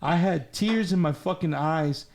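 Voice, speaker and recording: A Texan man hosting a group talk show loudly recounts a long story, rambling, swearing, and repeating himself a lot. His voice is a little high, creaky, and a little mellow, at a measured pace.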